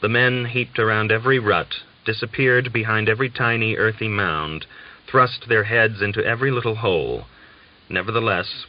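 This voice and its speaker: A man with a low voice reads a novel aloud in a measured, steady audiobook narration. The sound is dull and lo-fi.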